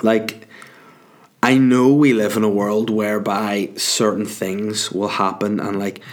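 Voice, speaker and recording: A man's voice: on the low side, flat delivery, slow pace. A man delivering a profane, rambling comic rant, worked up and exaggerating. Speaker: comedian.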